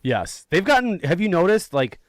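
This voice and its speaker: Brief: male podcast host, lively swooping pitch, excitable. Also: normal speed, dry recording. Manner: excitable, swearing. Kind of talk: casual podcast chat.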